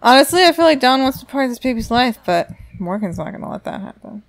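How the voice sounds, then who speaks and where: A young adult woman plays a life-simulation game and chats casually, reacting aloud to what happens. Her high voice is sing-song and creaky, and she talks quickly.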